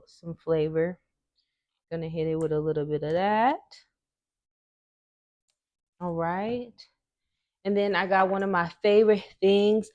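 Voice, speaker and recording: A woman hosts her own home cooking video and walks viewers through a recipe step by step. She talks in a chatty, encouraging way, speaking straight to her audience. Her voice sits on the low side for a woman, and the sound is dry and close, with no room echo. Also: darkish tone, highs cut off. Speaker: cooking show host.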